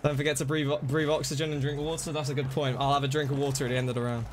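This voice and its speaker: A man's voice: medium pitch, level tone, racing, slight background noise. A young man streaming a game live, chatting casually with his viewers between plays. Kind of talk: casual live-stream chat while gaming.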